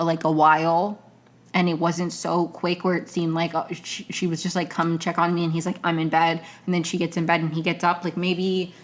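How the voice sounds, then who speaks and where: Rambling, exasperated woman, slightly low. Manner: rambling and exasperated, many fillers and restarts. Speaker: podcast host. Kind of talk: casual solo commentary.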